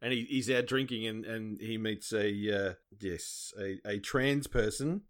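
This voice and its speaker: A man co-hosting a casual movie podcast, chiming in with animated reactions and laughter. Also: fairly low pitch, unhurried. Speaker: podcast co-host.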